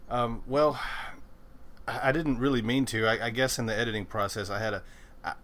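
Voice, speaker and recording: A man's voice: medium pitch, fairly even intonation, brisk, fairly bright tone. A man hosting a podcast in casual chat, rambling with stumbling restarts and swearing freely. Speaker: podcast host.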